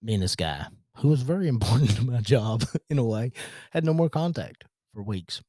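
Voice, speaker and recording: A man's voice: medium pitch, lively intonation, moderate pace, mellow, no room sound, studio quality. A man with a rural American country accent, hosting a podcast monologue in a frank, rambling way with many restarts. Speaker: podcast host.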